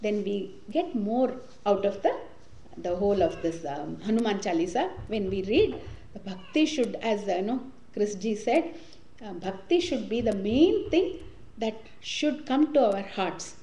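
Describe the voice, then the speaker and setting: A woman leading a devotional class and telling a story in a lively way, sprinkling in Hindi words. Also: mid-range voice, measured pace, slight background noise. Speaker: spiritual class leader. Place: community hall or temple room. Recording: echoey room recording.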